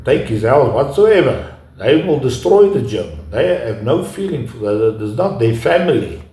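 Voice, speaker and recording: A man giving an unscripted lecture, talking haltingly with frequent pauses and restarts. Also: medium pitch, big pitch swings, warm tone. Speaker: speaker giving a talk. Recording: echoey room.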